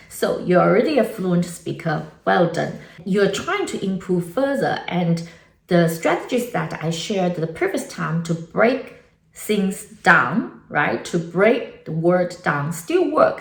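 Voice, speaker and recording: Gravelly low-voiced woman teaching. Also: reverberant. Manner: switches between English and Mandarin, explaining tones step by step. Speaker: Mandarin teacher. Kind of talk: online language lesson.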